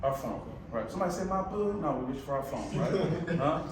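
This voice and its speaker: A man with a Michigan accent giving a motivational talk to a live audience, telling stories in a conversational, animated way with asides to the crowd. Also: mid-range voice, fairly quick, noisy background. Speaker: speaker presenting to a live audience. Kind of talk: motivational presentation. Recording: echoey room, voice from far off.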